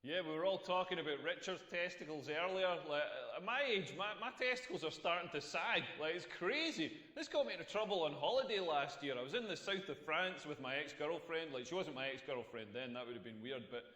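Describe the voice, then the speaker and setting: A crude Scottish stand-up comic. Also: male voice, on the high side, brisk, hardly any pauses. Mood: wry. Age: middle-aged. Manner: crude, deadpan storytelling with rising punchlines. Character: crude self-mocking male stand-up comic. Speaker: stand-up comedian. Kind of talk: stand-up comedy routine. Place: comedy club stage. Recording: echoey comedy club hall.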